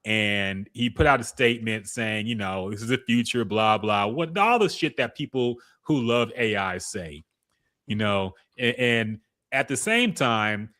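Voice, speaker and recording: A man with a lowish voice and a bright, forceful edge chats casually as a podcast co-host. He gives his opinions in a relaxed, easygoing way and laughs often. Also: unhurried. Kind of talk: casual chat about music.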